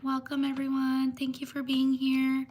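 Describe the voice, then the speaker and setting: A woman hosting a casual livestream, giving slow, unhurried shout-outs and apologizing for mispronouncing names. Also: sits high, completely flat delivery. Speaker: livestream host.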